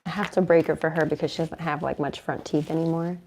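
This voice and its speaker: A woman's voice: deep voice, steady tone, quick pace, noisy background. A young woman tarot reader chatting casually to her viewers, sometimes breaking off to coo affectionately at her dog. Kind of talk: casual tarot reading chat to camera.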